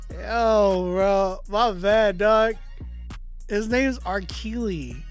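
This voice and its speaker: A man hosting a casual livestream, chatting with viewers in slang and often trailing off into quiet mumbles. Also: high-pitched. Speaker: livestream host running a song battle.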